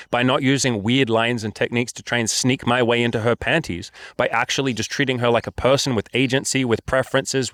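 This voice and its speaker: A man speaks in a blunt, candid, profane way, coaching listeners on dating in a casual monologue. His pitch sits in the ordinary middle for a man. The sound is dry and close, with no room echo. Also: a bit bright. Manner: blunt, profane and candid, acts out quoted dialogue. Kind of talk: casual straight-to-camera monologue.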